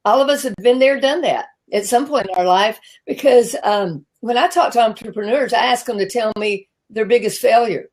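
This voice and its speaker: A woman's voice: on the high side, moderate pace, hardly any pauses, a little mellow, poor audio. A woman in her sixties with a Southern American accent, hosting a live-streamed talk show in a chatty, self-deprecating way with frequent restarts. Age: 60s. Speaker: host.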